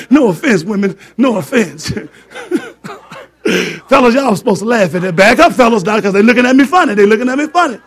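A man's voice: sits high, lively intonation, a little fast. A man preaching a fervent sermon, repeating words for emphasis and joking with his congregation.

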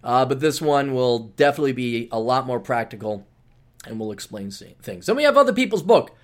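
A man's voice: mid-range voice, very animated, fairly quick. A man hosting a casual podcast monologue, talking in a sarcastic, ranting way. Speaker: podcast host.

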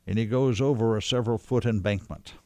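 A man's voice: on the low side, a little fast, warm tone, no room sound. A man casually recounting memories of an old friend, rambling with restarts and quoted dialogue. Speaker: storyteller guest recalling a friend. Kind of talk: casual conversational storytelling.

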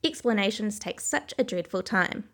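A woman's voice: mid-range voice, animated, moderate pace, gravelly, fairly bright tone. A woman voicing the Griffin, an impatient male creature who gives orders, in a storybook reading. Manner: impatient, commanding.

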